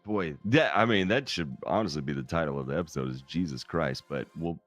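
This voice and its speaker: A man's voice: rumbling low, a little fast, faint music behind. A man co-hosting a podcast in casual banter, laughing often and swearing freely. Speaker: podcast co-host.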